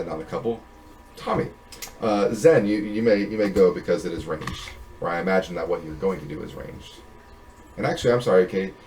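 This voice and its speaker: A man narrating as game master of a tabletop game, halting with many fillers and restarts. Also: deep voice, a little mellow, slight background noise.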